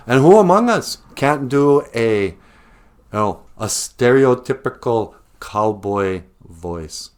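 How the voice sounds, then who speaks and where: A man delivering a mock-serious satirical monologue to camera in a deadpan manner. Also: fairly low pitch, slow. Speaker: comedian vlogger.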